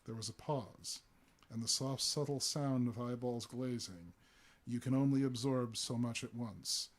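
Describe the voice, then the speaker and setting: A man of middle pitch reading a humorous story aloud live. He narrates deliberately, with a few small fillers and restarts along the way. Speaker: reader.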